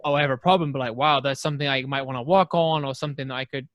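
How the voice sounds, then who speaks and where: A man's voice: mid-range voice, fairly even intonation, very fast, a bit bright, dry recording. A man co-hosting a fitness podcast, chatting casually, laughing often and swearing. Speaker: podcast co-host, trainer. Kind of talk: casual chat.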